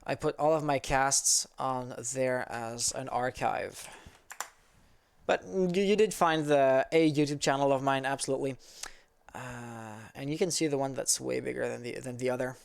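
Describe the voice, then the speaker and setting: A mid-range male voice with vocal fry and a clean tone moves at normal speed. The speaker, an esports caster from Quebec, Canada, has French as his first language and a Quebec French accent in English. He casually chats with viewers on his livestream, easygoing and rambling, reacting to the chat while reading it.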